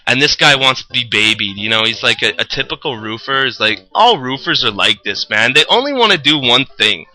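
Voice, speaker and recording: Profane rambling man with a bright voice. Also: mid-range voice, fairly quick, rough recording. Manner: rambling, profane, animated retelling. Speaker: roofer telling a story. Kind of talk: casual storytelling.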